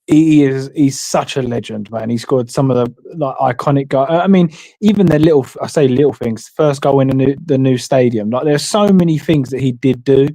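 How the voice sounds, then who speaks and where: Male fan guest, mellow and dark, dry sound, earnest rambling. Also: medium pitch, normal speed, few pauses, dry recording. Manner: earnest, rambling, says "like" a lot. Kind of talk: casual fan call-in chat.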